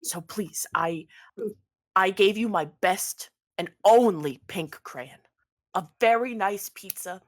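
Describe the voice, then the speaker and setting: A woman's voice: medium pitch, takes it slowly. A woman voicing a pushy, pizza-obsessed man who pleads and insists while eager to please in a tabletop game. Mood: pleading.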